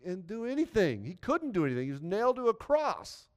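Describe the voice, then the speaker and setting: A man's voice: sits high, wildly swooping pitch, brisk. A man preaching a sermon in an earnest, conversational way, often repeating himself. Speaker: pastor.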